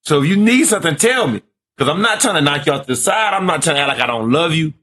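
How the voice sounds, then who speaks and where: A man's voice: on the high side, expressive, fast, pushed and bright. A man in casual podcast chat who speaks earnestly and reflectively in short, punchy phrases.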